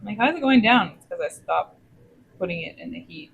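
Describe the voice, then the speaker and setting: A woman's voice: medium pitch, animated, fairly quick, gravelly, muffled recording, slight background noise. A woman chatting playfully and teasing while she cooks on a stream in her home kitchen. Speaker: cooking streamer. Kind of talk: casual cooking stream chat.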